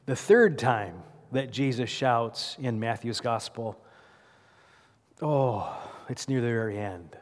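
A man's voice: mid-range voice, expressive, slow pace. Storytelling male preacher in a reverberant church. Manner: storytelling, with rhetorical questions. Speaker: pastor. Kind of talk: sermon.

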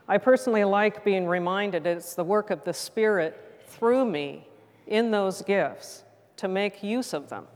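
A middle-aged woman pastor preaching gently and reflectively, with a mid-range voice. Her words trail off into the long reverb of a church sanctuary. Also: mid-range voice. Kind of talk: sermon.

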